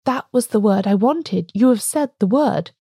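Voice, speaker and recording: Woman doing a jittery young curate, stammers, voice climbs high, mellow tone. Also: moderate pace, husky, no echo, clean studio sound. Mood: feverish. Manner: stammering, excited, voice rising. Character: agitated, feverish young male curate.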